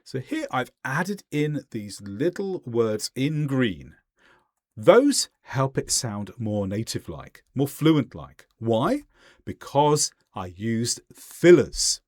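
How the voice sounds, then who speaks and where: A man teaching English in a scripted voice-over, speaking clearly and deliberately and stressing key words. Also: mid-range voice, big pitch swings, darkish tone, no room sound, studio quality.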